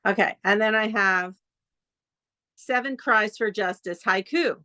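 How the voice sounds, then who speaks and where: Lady reading her poems over a phone call, slow and earnest, pretty dead dry sound. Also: mid-range voice, sharp tone, no room sound. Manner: earnest, measured reading of list poems and haiku. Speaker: open mic poet. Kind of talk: poetry reading and casual chat. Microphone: phone on a video call.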